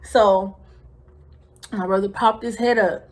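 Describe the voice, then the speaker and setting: A woman's voice: medium pitch, fairly even intonation, slow. A woman vlogger telling a casual story full of slang and swearing, who sometimes drops into whispers to act out scenes.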